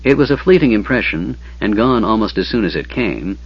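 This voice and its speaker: Male audiobook narrator, husky voice, kinda dull lo-fi recording. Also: on the low side. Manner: steady, measured storytelling. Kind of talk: scripted fantasy narration.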